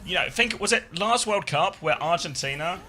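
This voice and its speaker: A man's voice: high-pitched, expressive, moderate pace, bright, forceful tone. A man casting esports, tired after a sleepless night, rambling and swearing with frequent laughs. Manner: rambling, profane, laughs often. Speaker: esports caster. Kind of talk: casual commentary chat.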